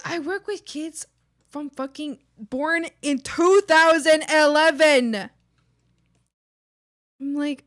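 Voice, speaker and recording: A woman's voice: sits high, takes it slowly, dry recording, clean studio sound. A woman in her thirties chatting casually and playfully while drawing on a stream, laughing often. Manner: giggly, playful, animated.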